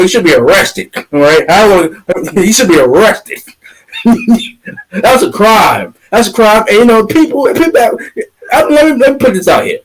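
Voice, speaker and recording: A man's voice: high-pitched, low-quality recording. A man co-hosting a sports podcast, ranting heatedly, swearing and trash-talking rival fans. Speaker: podcast co-host.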